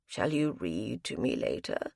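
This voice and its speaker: A woman voicing a frail elderly invalid husband who speaks weakly, slowly and breathily. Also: a bass voice, huge pitch swings, darkish tone, dry recording, clean studio sound, pitched below the performer's own voice, heavily acted. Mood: frail, fond. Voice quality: weak and breathy, slow.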